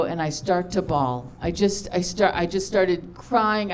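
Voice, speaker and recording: A woman's voice: on the low side, fairly even intonation, a little slow, hardly any pauses, slight background noise. A middle-aged woman doing stand-up, telling a long personal story in a chatty, self-deprecating way, full of fillers and acted-out dialogue. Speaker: stand-up comedian. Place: comedy festival stage.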